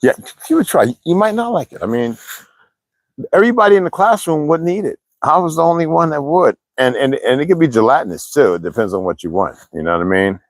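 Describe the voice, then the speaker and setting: A livestream host, an older man from the US East Coast, talks fast in a slightly high, animated voice. He rambles and swears through casual chat, answering viewers as he goes, on a low-quality recording with no echo.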